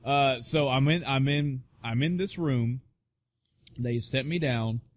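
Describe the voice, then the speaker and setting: A man's voice: mid-range voice, slow, a little hiss or hum. A man co-hosting a podcast, telling a story in casual chat with lots of swearing, acting out the people in it. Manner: profane, animated storyteller acting out quoted voices. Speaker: podcast co-host.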